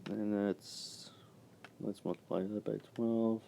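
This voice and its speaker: Slow, low-voiced young man rambling. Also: flat delivery, vocal fry, warm tone, a little hiss or hum. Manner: rambling, halting, swears when worked up. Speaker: vlogger. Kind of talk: casual storytelling rant.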